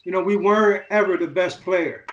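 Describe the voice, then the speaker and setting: A man with a high voice hosting a podcast, talking in loose, eager runs. His voice sounds echoey, as if he is in a bare room. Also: steady tone, fairly quick, highs cut off. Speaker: podcast host. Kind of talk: casual chat.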